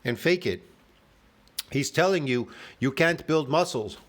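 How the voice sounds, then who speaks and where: A man's voice: mid-range voice, lively intonation, a little slow. A man reacting to a video in a mid-range voice, jeering and sarcastic. He keeps repeating his digs and chuckles at his own lines. The sound is plain and clean. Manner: mocking, laughs at his own jokes. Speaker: reaction channel host.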